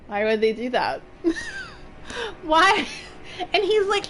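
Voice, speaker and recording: Lively, chatty woman streaming a game. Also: sits high, takes it slowly, pauses often, a little hiss or hum. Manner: chatty and giggly, yelps when stressed. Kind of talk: casual gaming commentary.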